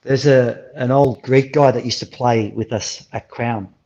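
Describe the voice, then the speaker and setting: Middle-aged man, lively storyteller with salty language, muffled remote-call audio. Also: medium pitch, a little slow. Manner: animated storyteller, swears freely. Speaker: guest. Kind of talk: casual interview over a call.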